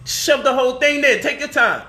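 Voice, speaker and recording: A man's voice: very high-pitched, moderate pace, sharp tone, a little hiss or hum. A man hosting a casual home cooking vlog in his kitchen, playful and teasing as he coos at his baby daughter. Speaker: cooking show host.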